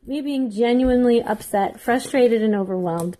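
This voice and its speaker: A woman's voice: a little high, lively intonation, unhurried, darkish tone, slight background noise. A woman in her thirties chatting casually to camera while baking, rambling and self-deprecating, laughing often. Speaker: vlogger.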